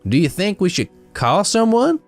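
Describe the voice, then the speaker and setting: A man's voice: high voice, wildly swooping pitch, moderate pace, faint music behind, pitched above the performer's own voice, full character voice. A man voicing the storyteller's younger self, an anxious young adult son, in a horror story. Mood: worried.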